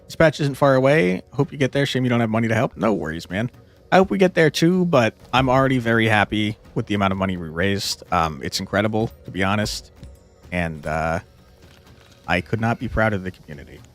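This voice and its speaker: A man's voice: lowish voice, expressive, brisk, faint music behind. A young man streaming a card game, talking to his chat between moves, swearing and venting at tough fights. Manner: swears a lot, frustrated outbursts and laughs; chats with viewers between moves. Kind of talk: live gameplay commentary.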